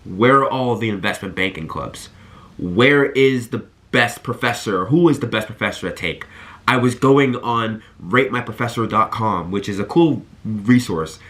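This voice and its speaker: A man in his twenties talking to camera, giving earnest and animated college advice and telling stories straight to his viewers. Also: on the low side. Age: 20s. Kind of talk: energetic talk to camera.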